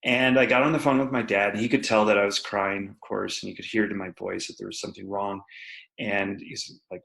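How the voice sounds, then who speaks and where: A man's voice: on the low side, fairly even intonation, fast talker, vocal fry, fairly bright tone, low-quality recording. A man in his forties, a guest entrepreneur, candidly telling a personal business story in a podcast interview.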